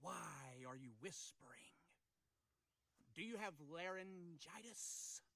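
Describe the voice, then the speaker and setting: A man's voice: sits high, lively intonation, slow, pushed and bright, full character voice. A man playing a taunting, boastful redneck crook in a comedy sketch. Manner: taunting, drawling, mocking. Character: hillbilly Joker, boastful petty thief.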